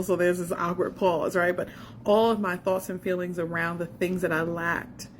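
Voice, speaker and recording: A woman's voice: on the low side, a little hiss or hum. A woman in her forties, a faith coach, sharing an earnest and emotional personal testimony and speaking straight to the listener. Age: 40s.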